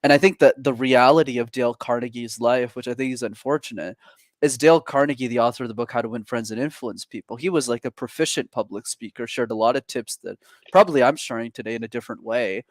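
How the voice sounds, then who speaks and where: A man's voice: mid-range voice, no echo. Eager young man, dry close sound. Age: young adult. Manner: eager and upbeat, quick to laugh. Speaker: podcast guest, communication coach. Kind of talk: casual interview chat.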